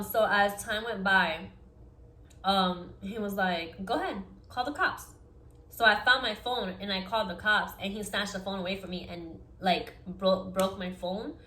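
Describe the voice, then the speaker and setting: A young woman recounting her own story in a vlog, earnest and fast-flowing, with "like" scattered through her sentences. Her voice sits at an ordinary middle pitch for a woman. The room around her rings with a noticeable echo. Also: bright, forceful tone. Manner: earnest, fast-flowing retelling full of "like" fillers. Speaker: vlogger. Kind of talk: personal storytime. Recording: echoey room.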